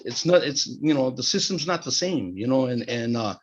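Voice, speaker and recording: A middle-aged man sharing in a support group over a video call, talking haltingly with many fillers and restarts. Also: medium pitch, animated. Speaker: group participant. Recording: slightly dull video-call audio.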